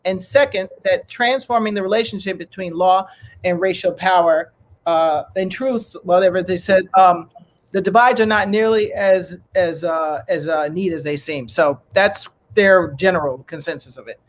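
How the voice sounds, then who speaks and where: A woman's voice: lowish voice, moderate pace. A woman on a discussion panel who explains a definition and adds short agreeing remarks.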